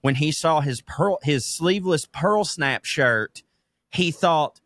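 A man's voice: a little high, expressive, takes it slowly, fairly bright tone, no room sound, clean studio sound. A man co-hosting a podcast in casual chat, laughing often and teasing his partner. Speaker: podcast co-host.

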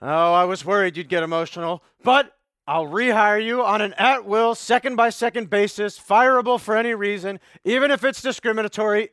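A man voicing a brash, self-absorbed young male cartoon reporter who yells and bosses his assistant around. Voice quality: high, yelling and bossy. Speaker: field reporter. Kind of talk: cartoon voice acting.

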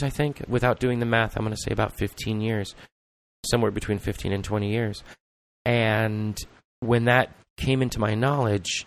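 A man hosting a podcast in casual chat, rambling and reflective with many ums and uhs. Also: lowish voice. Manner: rambling, filler-heavy and reflective. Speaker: podcast host.

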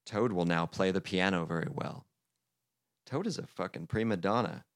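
A man's voice: sits low, normal speed, dry recording. A man hosting a comedy podcast, reading a crude parody storybook with sardonic, profane asides.

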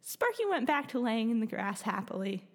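Playful higher-voiced woman storyteller. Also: big pitch swings, normal speed, long reverb tail. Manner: playful, giggly. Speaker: co-host, storyteller. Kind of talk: improvised storytelling.

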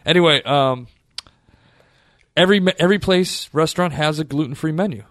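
A man's voice: a little high, brisk, a bit bright, no echo, clean studio sound. A man co-hosting a casual chat, joking and playfully over-earnest.

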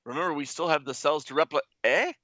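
A man's voice: fairly high pitch, quick pace, sharp tone, no room sound, dull audio, voice pushed up. A man voicing an arrogant male villain leader with a commanding, grandiose manner.

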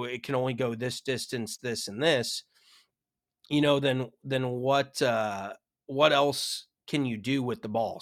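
A man's voice: medium pitch, a bit bright, dry recording, studio quality. A man co-hosting a golf podcast, talking frankly and casually, with some swearing and self-mockery. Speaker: podcast co-host.

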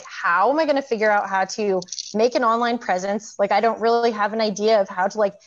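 A woman in her thirties, a graduate of the program, tells her story in a chatty way, full of fillers and frequent laughter. Her voice sits fairly high, and the recording is lo-fi.

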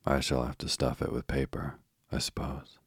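A man voicing a resourceful young girl who looks after her brothers, earnest and gently bossy. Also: rumbling low, completely flat delivery, moderate pace, husky, no echo, clean studio sound, full character voice. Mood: anxious. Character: young girl, eldest sister, caring and resourceful.

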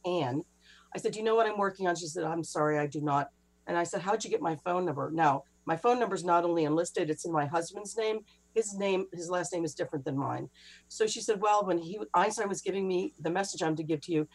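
Animated middle-aged woman storyteller. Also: fairly low pitch, low-quality recording. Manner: breathless, laughing retelling with quick asides. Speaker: author and interview guest.

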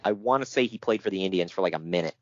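A man's voice: low voice, rapid-fire, no echo, muffled recording. A man co-hosting a casual chat, reading out notes with jokes and frequent laughter. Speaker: podcast co-host.

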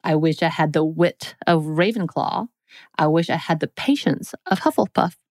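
A woman's voice: sits low, moderate pace, a little mellow, no echo. A woman co-hosting a podcast, reading out quiz questions in a playful, teasing way. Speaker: podcast co-host. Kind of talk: casual chat.

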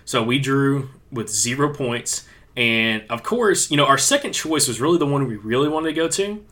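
A man's voice: mid-range voice, moderate pace. A man co-hosting a hunting podcast, chatting casually and telling stories animatedly to his listeners. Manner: animated storyteller, addresses listeners as guys. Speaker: podcast co-host.

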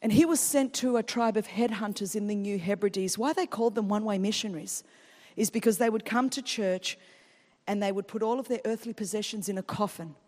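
An Australian woman in her thirties preaching a lively sermon, telling stories and building to loud, fervent peaks. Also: mid-range voice, big-room sound. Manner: animated storytelling, swinging from quiet to loud and fast.

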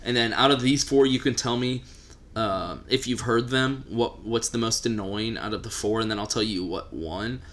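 A man's voice: medium pitch, normal speed, a bit bright. A man co-hosting a podcast, chatting casually and teasing his co-host. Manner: joking, teasing, runs the segment. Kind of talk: casual chat.

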